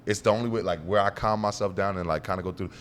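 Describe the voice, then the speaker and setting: A young man telling stories as a guest in a casual interview, animated and acting out the dialogue as he goes. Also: deep voice, fast talker, slight background noise. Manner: animated storyteller who acts out quoted dialogue. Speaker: guest, pro football player.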